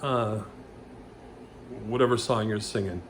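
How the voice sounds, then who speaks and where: A man teaching vocal exercises in a loose, rambling way, with many restarts and loud sung vowel demonstrations. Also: lowish voice, fairly even intonation, measured pace, slight background noise. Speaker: vocal coach. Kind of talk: casual vocal lesson with demonstrations.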